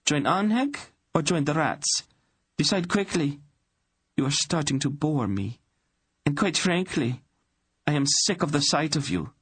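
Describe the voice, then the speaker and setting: A man's voice: fairly high pitch, animated, measured pace, a bit bright, slightly rough, voice pushed up, full character voice. A man voicing a stern young queen who gives cold, clipped royal commands. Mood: icy command.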